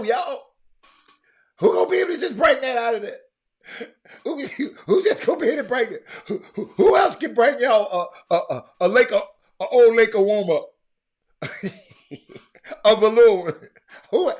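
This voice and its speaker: A middle-aged man, hosting a casual live show and talking to his viewers. He is animated and teasing, repeats words, and breaks into shouts in bursts. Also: very high voice. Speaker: show host.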